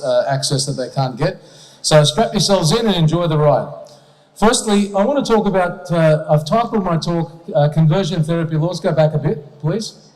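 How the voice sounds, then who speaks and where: A man whose voice is on the high side with a darkish tone addresses an event audience, using slides. His speech is emphatic and rhetorical, peppered with "okay?", and the recording carries long hall reverb.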